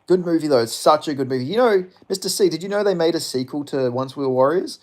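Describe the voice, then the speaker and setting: A man's voice: on the high side, lively intonation, fast. A man in his twenties chatting casually with his live-stream audience, rambling and swearing as he reads chat. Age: 20s. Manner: profane, rambling, laughs often.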